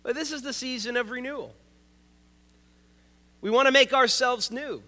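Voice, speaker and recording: A man's voice: extremely high pitch, moderate pace, pushed and bright. A male pastor preaching a sermon, conversational and joking, who drives points home by repeating key words. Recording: long reverb of a large hall.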